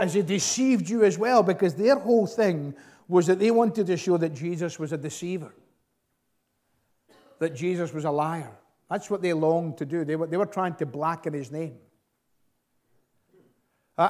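Pastor guy preaching, kinda high voice, earnest and emphatic, lots of uhs and repeats. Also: darkish tone. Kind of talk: sermon.

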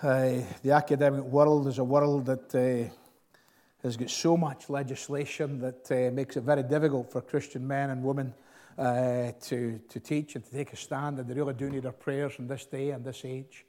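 A man preaching a sermon in an earnest, emphatic way, often pausing with fillers and repeating words as he builds a point. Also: medium pitch, flat delivery, dark tone. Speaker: pastor.

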